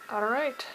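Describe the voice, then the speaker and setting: A woman's voice: high voice, low-quality recording. Giggly woman playing a video game. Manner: giggly, self-deprecating. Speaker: let's play host. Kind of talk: casual game commentary.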